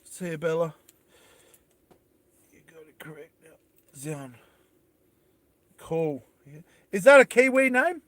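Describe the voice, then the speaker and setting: A man with a bright, somewhat high voice hosts a live stream. He chats with viewers in a loose, rambling, self-deprecating way, full of fillers. The sound is dry and close, with no room echo. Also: very animated, slow pace, long pauses. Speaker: livestream host. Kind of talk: casual live chat reading viewer comments.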